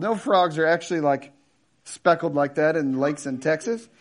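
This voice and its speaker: A man in his thirties preaching a sermon in a casual, joking storytelling way with animated asides. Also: a little high, normal speed. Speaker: pastor.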